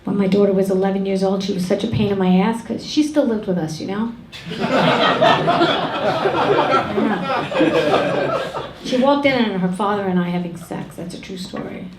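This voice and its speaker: A middle-aged woman working a stand-up set with deadpan, brash delivery and crude punchlines. Her voice carries through an echoey club room over loud noise from the crowd. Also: medium pitch, normal speed, long pauses. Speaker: stand-up comedian. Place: comedy club stage.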